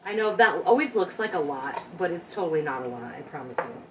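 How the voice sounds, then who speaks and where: A woman's voice: fairly low pitch, lively intonation, a little fast, background noise. Woman cooking live, just chatting with viewers, kinda far from the mic, echoey kitchen. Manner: chatty and self-deprecating, talks to viewers directly. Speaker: home cook hosting a live cooking stream. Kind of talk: casual live cooking chat. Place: home kitchen.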